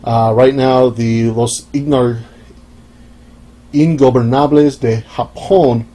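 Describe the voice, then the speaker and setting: A young man hosting a solo podcast, talking casually in a dry, offhand, wry way with frequent pauses. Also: mid-range voice, steady tone, dark tone, poor audio. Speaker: podcast host.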